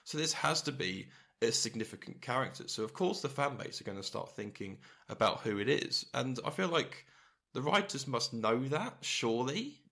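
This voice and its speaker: A man's voice: medium pitch, expressive, normal speed, gravelly, sharp tone. A man co-hosting a casual podcast, thinking aloud with hesitant, questioning talk. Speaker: podcast co-host. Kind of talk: casual chat.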